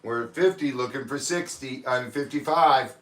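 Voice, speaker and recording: A man's voice: mid-range voice, normal speed, distant mic. A man hosting a live auction stream, calling out bids and chatting in a casual, joking way. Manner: chatty, calls bids and jokes. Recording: echoey room, a bit off-mic.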